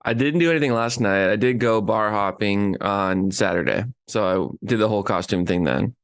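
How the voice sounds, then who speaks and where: Young male co-host, low voice, laid-back and halting, dry close mic. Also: dry recording. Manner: relaxed, halting with fillers. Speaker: podcast co-host. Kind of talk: casual chat.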